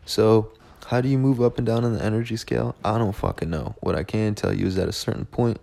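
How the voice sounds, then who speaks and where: A low-pitched man with a gravelly, fry-laden voice hosts a solo podcast. He rambles in a profane, self-mocking way, looping back on his own thoughts. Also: steady tone, fast, dark tone. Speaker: podcast host.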